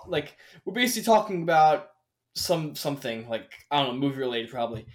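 A man's voice: mid-range voice, lively intonation, a little fast. A young man in casual chat, telling stories in a rambling way full of fillers. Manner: rambling, filler-heavy storytelling.

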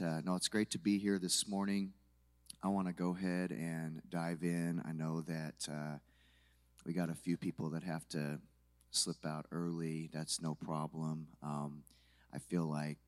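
Deep-voiced guy, groggy morning voice, laid-back teaching at a church, lots of ums. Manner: relaxed, chatty, many fillers. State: low morning voice. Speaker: conference speaker, worship leader. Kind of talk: casual teaching talk to a church audience. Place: church hall.

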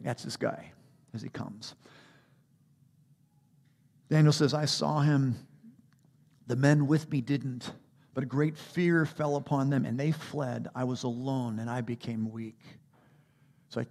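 A man preaching a sermon as a pastor, animated, rising to emphatic peaks and dropping to quiet asides. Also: medium pitch, measured pace, creaky.

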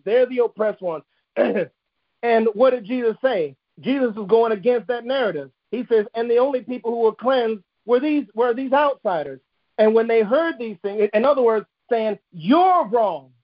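A man's voice: very high voice, muffled recording. A man preaching a sermon, emphatic and repetitive, driving points home with restated phrases. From United States.

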